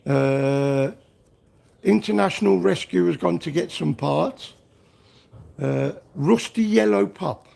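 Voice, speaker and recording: Reading chat on his livestream from a garage workshop, this Liverpool man jokes constantly and drops into fragments of songs. He talks slowly in a fairly high, creaky voice that's a little mellow.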